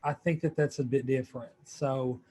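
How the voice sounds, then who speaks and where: A man's voice: mid-range voice, steady tone, normal speed, darkish tone. A man in a video-call meeting giving his view, thinking aloud with restarts and hesitations. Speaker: meeting participant. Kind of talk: online group meeting discussion.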